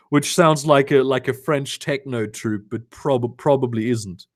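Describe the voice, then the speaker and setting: A man's voice: mid-range voice, measured pace, few pauses. A young man reading a fanfiction aloud on a live stream, breaking off into sarcastic, profane commentary and chatting with viewers. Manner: sarcastic, swearing, animated asides. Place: home, lives in Germany.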